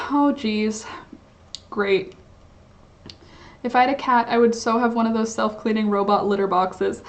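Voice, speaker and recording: A woman's voice: a little high, steady tone, measured pace, long pauses. Chatty young woman, rambling with fillers. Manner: rambling, filler-heavy, frequent "like" and "um". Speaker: crochet livestream host reading chat. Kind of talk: casual chat.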